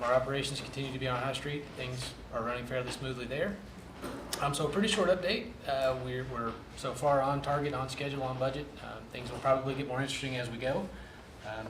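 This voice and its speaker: A man, the general manager, giving a short casual status update at a board meeting. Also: medium pitch. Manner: casual, filler-heavy. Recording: echoey room with clear background noise.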